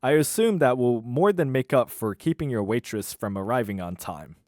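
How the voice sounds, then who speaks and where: A man voicing a flirtatious middle-aged male politician, speaking low and slowly. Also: animated, a little mellow, no echo, studio quality, lightly acted. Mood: formal. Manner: slow, low, drawn-out delivery.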